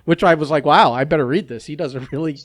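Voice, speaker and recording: A man's voice: a little high, fast talker, crowd noise. A man co-hosting a podcast in casual chat, asking questions and throwing out theories. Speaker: podcast co-host.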